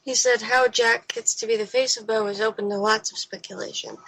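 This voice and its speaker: A woman's voice: on the high side, fairly even intonation, fairly quick, fairly bright tone, slight background noise, poor audio. A woman as a guest commentator on a fan podcast, chatting casually and reading out news items.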